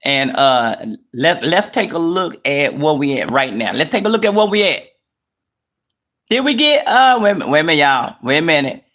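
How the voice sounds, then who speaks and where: This is a young man hosting a live news stream. His voice sits high and swoops around with a bright, forceful edge. He talks in a loose, chatty rush and keeps calling out to his viewers. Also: moderate pace. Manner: excited, chatty, addresses viewers as y'all.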